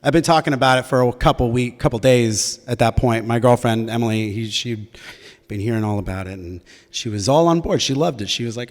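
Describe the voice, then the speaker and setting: A young man shares a personal story on stage, his mid-pitched voice carrying a long reverb from the hall around him. He talks in a loose, conversational way, stopping and restarting his sentences as he goes. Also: brisk.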